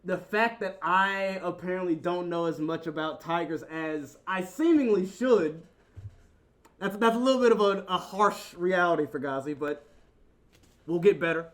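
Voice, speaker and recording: A man's voice: sits high, normal speed. A man hosting his stream, talking playfully with a guest and reading chat, often stumbling over his words. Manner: playful, stammering restarts. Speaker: streamer host.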